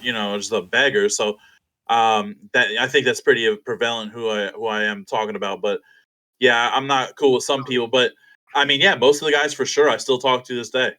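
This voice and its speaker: A young man, a fighter guest on an interview show, telling stories in a casual, animated, profane way and acting out other people's lines. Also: medium pitch, fairly quick, low-quality recording. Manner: animated, profane, acts out quotes.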